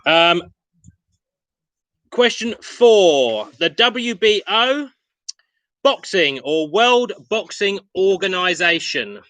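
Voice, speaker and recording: Chatty quiz host, bright voice. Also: male voice, high voice, very animated, drawn-out words, pauses often, dry recording, rough recording. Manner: chatty, self-mocking asides between questions. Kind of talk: reading out pub quiz questions and answers.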